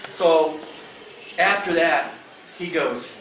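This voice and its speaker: Man, lively storyteller, echoey room, distant camera, noisy background. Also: high voice, moderate pace. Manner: animated storyteller acting out quotes. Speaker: fishing team member recapping a tournament. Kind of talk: storytelling to a club meeting. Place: club meeting room.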